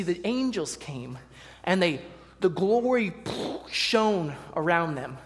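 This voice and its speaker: A preacher giving a sermon, reading scripture and talking to the congregation in a conversational way with playful asides. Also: mid-range voice. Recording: long hall reverb.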